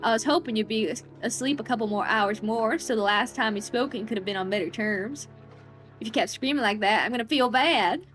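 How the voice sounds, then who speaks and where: A woman's voice: a little high, a little fast, fairly bright tone, faint music behind, lightly acted. A woman voicing a cheerful female gravedigger who talks in an offhand, reasonable tone while burying her friend alive, in a horror visual novel. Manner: offhand, reasonable-sounding, eerily empty.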